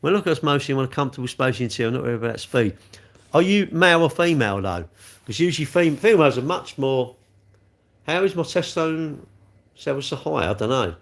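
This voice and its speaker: A middle-aged man, talking casually to viewers on a live stream. His pitch bounces around a lot, and he is blunt and quick to poke fun at himself. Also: animated. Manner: chatty, blunt, self-mocking, laughs often. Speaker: livestream host, car dealer. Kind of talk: casual livestream chat reading comments.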